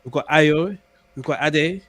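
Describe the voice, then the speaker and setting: A young man co-hosting a podcast, chatting casually and telling stories in an animated, stammering way. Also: fairly high pitch, unhurried, no echo. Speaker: podcast co-host. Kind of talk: casual chat.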